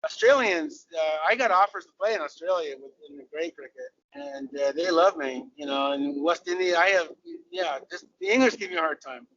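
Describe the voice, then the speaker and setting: An older Southern Californian man, a former cricketer, tells stories as a casual interview guest, restarting sentences and laughing along the way. His voice is a little high, expressive and fairly quick, with a fairly bright tone. The sound is dull, he sits far from the mic, and there's slight background noise.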